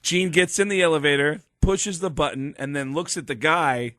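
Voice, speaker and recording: A man who is a comedian guest on a podcast, telling lively anecdotes and acting out the voices of people he quotes. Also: fairly high pitch, normal speed, dry recording. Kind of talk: podcast storytelling. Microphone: studio microphone.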